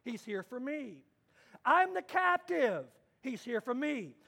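A man's voice: very high-pitched, sing-song, slow, gravelly, full character voice. A man voicing an elated male worshipper who cheers on a preacher with short, repeated joyful cries.

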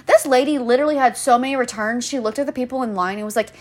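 A woman's voice: fairly high pitch, fast, hardly any pauses. Profane, rambling young woman venting. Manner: profane, rambling, sarcastic, lots of fillers. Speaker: podcast host. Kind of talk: casual venting monologue.

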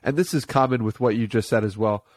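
A man hosting a podcast, asking thoughtful, halting questions. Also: mid-range voice, no room sound. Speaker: podcast host. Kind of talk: interview questions.

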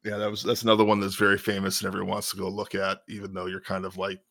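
A man with a lowish voice chatting casually, informed and wry. He drops deadpan jokes without changing his tone. The sound is dry and close. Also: racing, creaky, no room sound. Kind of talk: casual chat.

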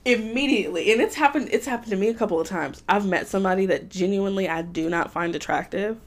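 A woman's voice: medium pitch, a little fast, very noisy. Profane woman telling stories. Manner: animated, profane, swears freely while telling stories. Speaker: podcast co-host. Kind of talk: casual chat, storytelling.

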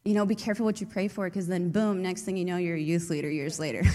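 A woman's voice: on the low side, steady tone, fast, warm tone. A young woman, a youth leader, telling her faith story in a chatty way with many fillers. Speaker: youth leader giving testimony. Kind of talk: personal testimony talk. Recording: long hall reverb.

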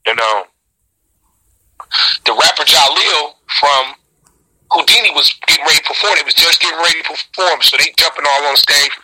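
Husky, very bright-voiced man telling stories. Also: moderate pace, pauses often, poor audio. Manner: animated and profane, reenacting quotes with sudden high shouts. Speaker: rapper. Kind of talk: storytelling in a casual interview.

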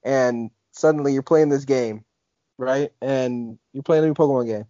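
A man's voice: medium pitch, normal speed, warm tone, no room sound. Rambling young man on a podcast. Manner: rambling, full of "like" and restarts. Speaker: podcast co-host. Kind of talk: casual chat. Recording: dull lo-fi podcast audio.

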